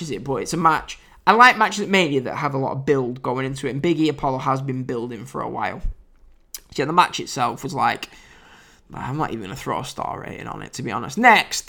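A man's voice: on the high side, creaky, sharp tone. A British man with an English accent, hosting a casual solo wrestling review podcast, chatty and wry with frequent fillers and restarts. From United Kingdom.

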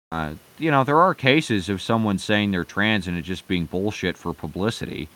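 A man's voice: low voice, a bit bright. A man ranting in heated, profane commentary, full of fillers and restarts.

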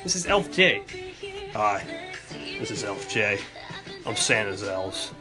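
A gruff Christmas elf , put on by a man, rumbles along low and deep, slow and punchy in a playful podcast bit. Soft music sits faintly behind. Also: big pitch swings. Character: Santa's elf helper, male, gruff and deep.

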